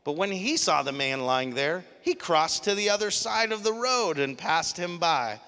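A man preaching a sermon as pastor, animated, shifting from quiet reflection to loud emphasis. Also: sits high, normal speed. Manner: animated, swings from soft to loud. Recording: long hall reverb.

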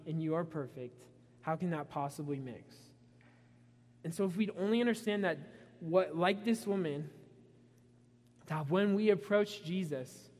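A man preaching a sermon, retelling a story with animated asides and voicing the characters' frustration. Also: on the high side. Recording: long reverb in a hall.

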